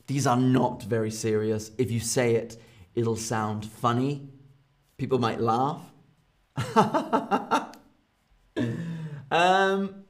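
A young British man with a British accent, teaching English phrases in a playful live-streamed lesson and often laughing at his own examples. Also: medium pitch. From Britain.

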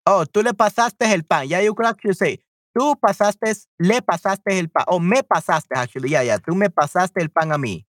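A woman teaching a live-streamed language lesson, patiently repeating phrases slowly and translating them. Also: fairly low pitch, expressive, no room sound, clean studio sound. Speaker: Spanish teacher on a livestream.

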